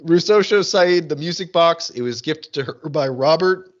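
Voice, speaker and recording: A man co-hosting a podcast in casual chat, animated and often mimicking characters in high excited voices. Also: moderate pace, dull audio. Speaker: podcast co-host.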